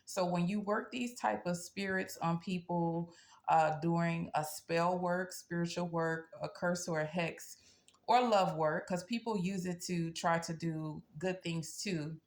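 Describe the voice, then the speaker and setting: A woman with a low, gravelly voice talks straight to her viewers. She is casual and blunt, and she keeps tagging her points with "okay?". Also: steady tone, a little slow. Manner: tags nearly every sentence with "okay?"; earnest and blunt, telling a personal story. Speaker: spiritual practitioner and channel host. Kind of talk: casual talk to camera.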